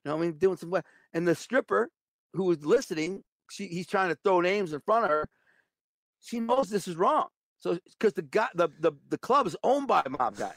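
A man's voice: high voice, animated, normal speed, a bit bright, no room sound, studio quality. A man telling a blunt, streetwise story as an interview guest. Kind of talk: casual storytelling.

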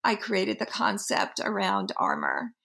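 A middle-aged woman from Peru talks through how she founded her brand. She is reflective and halting, stops often to restart a thought, and her voice has a light gravelly fry. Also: medium pitch, fairly even intonation, a bit bright. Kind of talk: interview, telling her brand story.

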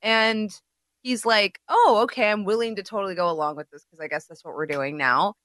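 A woman co-hosting a podcast who talks in a candid, profane and animated way, acting out scenes as she goes. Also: medium pitch, fairly quick, no echo, clean studio sound. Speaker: podcast co-host. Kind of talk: casual chat.

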